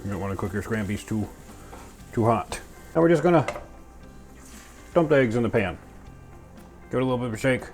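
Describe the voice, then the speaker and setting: In a mid-range voice with lively intonation, a man talks briskly, pausing often, and sounds a little mellow as he cooks at home. He chats goofily through each step, full of playful sound words. The background holds music, clearly under his voice, and clattering pans.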